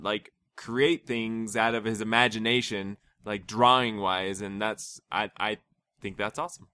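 A man's voice: fairly low pitch, pushed and bright, clear, resonant tone, no room sound. A man chatting casually with his co-host about their kids, talking loosely with fillers and restarts. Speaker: co-host, parent. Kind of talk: casual family chat.

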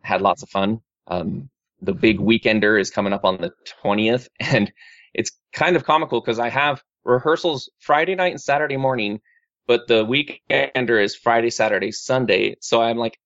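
A man chats casually with friends, rambling through his news with plenty of restarts and fillers. His medium-pitched voice moves at a normal speed with a fairly bright tone, on a dull lo-fi recording without echo.

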